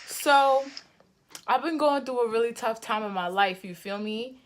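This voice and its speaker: A woman's voice: on the high side, measured pace, a little hiss or hum. An eighteen-year-old woman from Boston with a Boston accent, playfully teasing strangers over a phone video chat. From Boston, USA. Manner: playful, teasing, deadpan setups. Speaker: vlogger chatting with strangers. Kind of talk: casual video-chat prank. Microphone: phone on a video-chat app.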